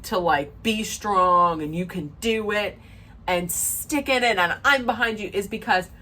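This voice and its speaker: A woman's voice: medium pitch, measured pace, bright, forceful tone. A woman giving a chatty, opinionated recap rant, emphatic and rambling with sarcastic asides. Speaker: reality TV recap vlogger.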